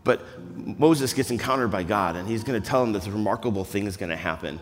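A man preaching a conversational, earnest sermon that swings between hushed, quiet passages and loud, raised ones. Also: on the low side, fast talker. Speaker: pastor. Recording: long reverb of a large hall.

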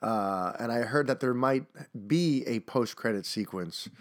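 A man's voice: mid-range voice, measured pace, no room sound. A man in a loose, chatty podcast monologue, rambling and stumbling through restarts as he goes. His voice sits in a middle register, and it is recorded close on the mic with a dry, dead sound. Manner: rambling, chatty, self-interrupting with repeated starts. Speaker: podcast host.

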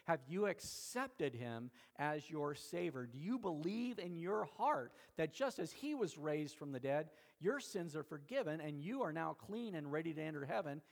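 A man preaching a Sunday sermon in a conversational way, often checking in with the congregation. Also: fairly high pitch. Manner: conversational preaching, frequent "okay?" check-ins. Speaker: pastor.

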